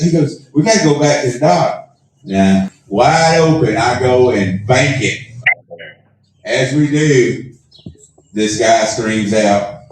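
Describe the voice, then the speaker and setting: A man's voice: medium pitch, expressive, slow, pauses often, slight background noise. A man hosting an awards show, telling a long self-mocking story and acting out the dialogue. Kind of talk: live storytelling to an audience. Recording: echoey room, mic at a distance.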